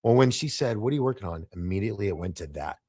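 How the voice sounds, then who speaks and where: A middle-aged man, a podcast guest, telling animated anecdotes and acting out the dialogue in shifting voices. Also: fairly low pitch, rapid-fire, slightly rough. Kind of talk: casual storytelling in a podcast interview.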